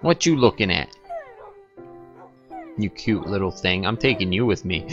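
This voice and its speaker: Faint music plays behind an expressive, unhurried young man commenting on his gameplay as a streamer. He rambles, jokes, goes off on tangents, and coos at his pets in a high baby voice.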